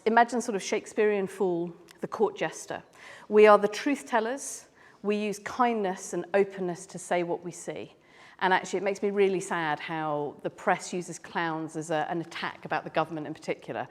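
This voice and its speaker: A British woman, a clown and speaker, chatting playfully with a live audience as she answers their questions. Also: fairly low pitch. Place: large hall at a live event. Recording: long hall reverb.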